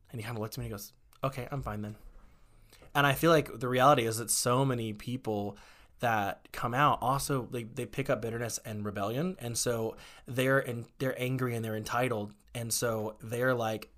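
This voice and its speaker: A man's voice: medium pitch, steady tone, fairly quick, fairly bright tone. A man, a guest in an interview, candidly telling personal stories in a conversational way, with many fillers and acted-out quotes.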